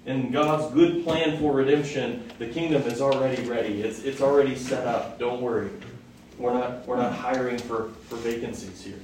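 Steady in tone and moderate in pace, a medium-pitched man preaches a conversational teaching sermon, asking his audience questions as he goes. The mic sits well away from him in a heavily echoing hall, picking up faint noise.

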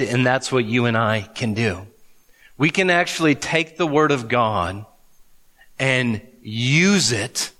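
Slow, bright-voiced preacher in a hall. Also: male voice, medium pitch. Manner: earnest, emphatic preaching with dramatic pauses. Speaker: pastor. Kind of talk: sermon. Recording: long reverb of a large hall.

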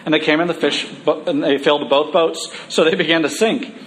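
Man, preacher, sermon, conversational, humorous, emphatic slowdowns, faint background ambience. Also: a little high, fairly even intonation, fairly bright tone, slight background noise.

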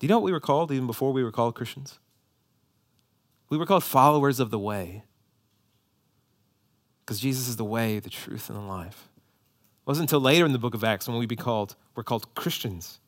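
A man preaching a sermon to a congregation, animated, with rising emphasis and joking asides. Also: mid-range voice, a little fast, long pauses. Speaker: pastor. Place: church hall before a congregation.

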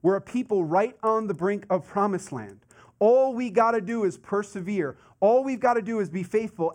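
A man preaching a sermon in a conversational, animated way, full of asides and rhetorical questions. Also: high voice. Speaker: pastor.

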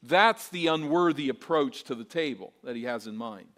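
A man's voice: mid-range voice, expressive, moderate pace. Earnest male pastor preaching. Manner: earnest preaching that swings between soft and emphatic; rhetorical questions and repetition. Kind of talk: sermon.

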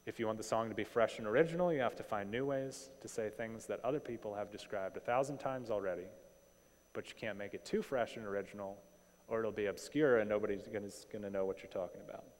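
Man, pastor, sermon, lowish voice, rhetorical questions, long church reverb. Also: fast talker. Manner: conversational, animated preaching with rhetorical questions.

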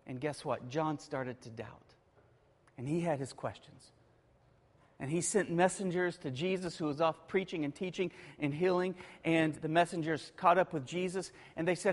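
A man preaching a sermon, moving between hushed, quiet passages and emphatic, rising declarations. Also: on the high side, steady tone, normal speed. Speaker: pastor. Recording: long reverb of a large hall.

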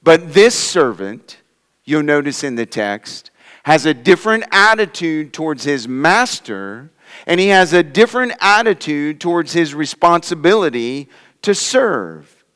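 A man's voice: sing-song, a little slow. A man preaching a sermon, reading scripture and explaining it verse by verse, with dramatic rises and drops in his voice. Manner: dramatic swings in pitch and loudness, voices scoffers mockingly. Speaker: pastor. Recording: long hall reverb.

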